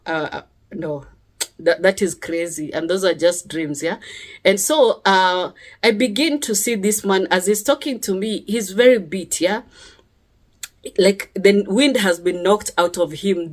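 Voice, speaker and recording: A woman telling a personal testimony in a casual vlog, chatty and earnest, often checking in with her listeners. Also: mid-range voice. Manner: chatty, checks in with listeners by asking "yeah?" again and again; earnest and emphatic, sometimes rising sharply on key words. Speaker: vlogger sharing a personal testimony.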